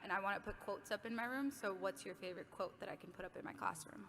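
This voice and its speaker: A woman's voice: medium pitch, fast talker, a bit bright. A woman fan at a convention, a new teacher, asking her question eagerly. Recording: echoey hall, background noise.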